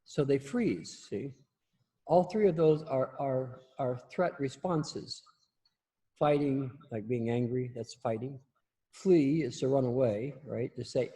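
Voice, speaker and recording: A man's voice: medium pitch, slow, mellow, husky. A man teaching a class in a casual spoken style, often repeating and restarting his words, with blunt, salty humor. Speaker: instructor.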